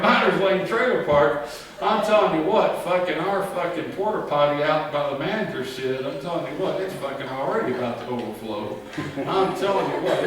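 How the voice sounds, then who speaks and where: A man doing a crude, rambling stand-up monologue, swearing a lot and laughing at his own jokes. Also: a little high. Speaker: stand-up comedian. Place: live comedy venue. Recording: echoey live room from far off. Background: crowd.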